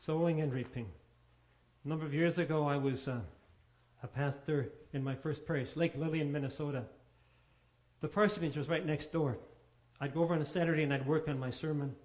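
Male pastor preaching, storytelling, lots of rhetorical questions, highish voice, muffled lo-fi sound. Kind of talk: sermon.

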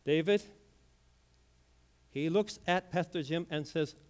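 A man preaching a sermon through a story, swinging from hushed lines to loud, emphatic peaks. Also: fairly high pitch, slow, clear, resonant tone.

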